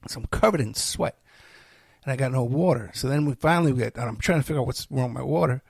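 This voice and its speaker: A tired, unwell-sounding podcast host who is also a private investigator rambles through plugs and stories on his solo show, full of fillers and self-deprecating asides. His gravelly mid-range voice moves quickly and sounds close. The recording is dry and dead, with no echo.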